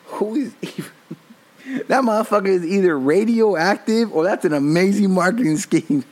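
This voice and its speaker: A man with a fairly high voice and a gravelly rasp, spinning a comic story about his week. He gets animated and profane and keeps laughing at his own punchlines. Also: unhurried, long pauses. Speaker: host.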